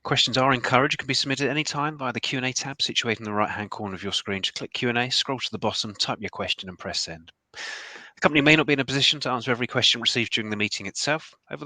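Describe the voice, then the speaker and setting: A man's voice: medium pitch, expressive, bright, forceful tone, no room sound. A man reading a scripted welcome as moderator of an online investor presentation. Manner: brisk, read from a script. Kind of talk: scripted introduction.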